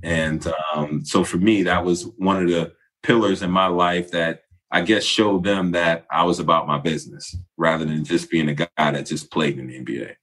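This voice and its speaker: A man's voice: deep voice, moderate pace, few pauses. A man, a former basketball player candidly telling a story in casual chat. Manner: relaxed, candid storyteller, acts out quoted voices.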